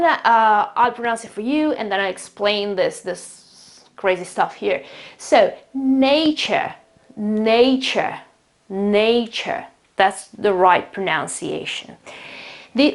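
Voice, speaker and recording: Italian-accented woman teaching English, higher voice. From Italy. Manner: chatty, explains step by step, repeats words to model pronunciation. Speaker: English teacher, channel host. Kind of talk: online language lesson.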